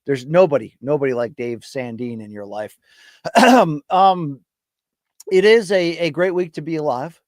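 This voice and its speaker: A man's voice: on the high side, measured pace, dry recording, studio quality. A middle-aged man from the US East Coast hosting a casual solo livestream ramble, chatty and self-deprecating, hyping up his chat. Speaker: podcast host. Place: home studio. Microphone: studio mic.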